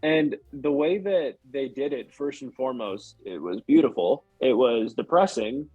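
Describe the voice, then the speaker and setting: A man's voice: medium pitch, animated, normal speed, dark tone, husky, no echo, dull audio, faint music behind. A young man, a podcast guest, chatting casually and rambling with lots of filler words. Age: young adult. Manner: rambling, hedging with many "like"s. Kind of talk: casual chat.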